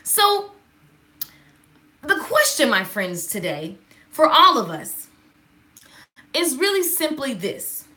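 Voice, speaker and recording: A woman giving a casual devotional talk, sassy and animated, calling out to listeners. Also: high-pitched, slow pace, pauses often. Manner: sassy, animated, call-and-response.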